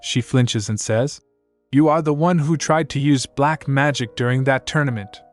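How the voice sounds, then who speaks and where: Man, manhwa recap narration, mid-pitched, steady even reading, faint background music. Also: normal speed. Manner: reads narration and all characters' lines in one steady voice.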